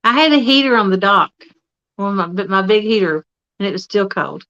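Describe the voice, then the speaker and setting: A woman talks frankly and laughs a lot on a casual livestream. Her voice is bright and mid-pitched. The sound is a little dull and lo-fi. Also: lively intonation, fairly quick.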